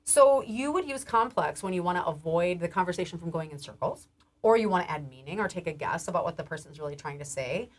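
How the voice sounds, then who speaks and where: A woman's voice: lowish voice, animated, fast talker. A woman health educator giving a recorded training lecture, casual and chatty with frequent laughs, restarts, and a rising lilt at the ends of phrases. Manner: casual, warm, laughs often, many restarts and fillers.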